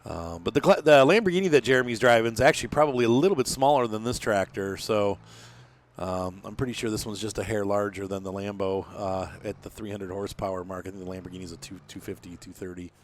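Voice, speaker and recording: Talking fast in a lowish voice, a man rambles through casual commentary on his farming game, thinking aloud with lots of fillers. He sounds tired and yawns, and there's slight background noise.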